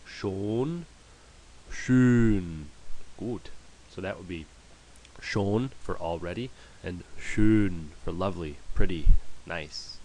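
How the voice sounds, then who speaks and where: A man's voice: low-pitched, slow, darkish tone. A man teaching German pronunciation in a screen-share lesson, patiently repeating each word for practice.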